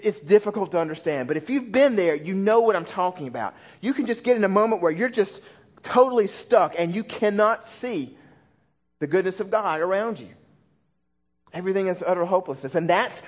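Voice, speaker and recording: A man with a Southern US accent preaching a sermon as pastor, earnest, his voice often sinking soft and low on key words. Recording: dull lo-fi sound.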